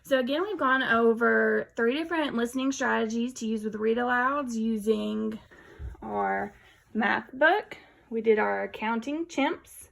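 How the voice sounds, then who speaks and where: Woman, teacher-educator; unhurried, rhythmic read-aloud with some vocal fry. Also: fairly high pitch. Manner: rhythmic, sing-song storytelling. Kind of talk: expressive picture-book read-aloud and lesson explanation.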